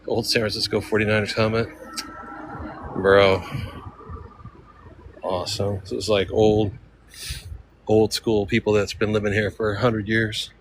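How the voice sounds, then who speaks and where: A man's voice: lowish voice, little pitch movement, normal speed, long pauses, very noisy. A man vlogging on a handheld phone while walking steep city streets outdoors, out of breath, with laid-back slangy talk that keeps calling viewers dude. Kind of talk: casual walking livestream chat.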